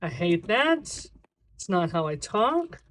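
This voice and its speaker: A budgeting video creator in a casual vlog, talking to themself while counting cash aloud, sometimes slipping into a drawn-out sing-song cadence. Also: medium pitch, big pitch swings, a bit bright. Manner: chatty self-talk, counting money aloud.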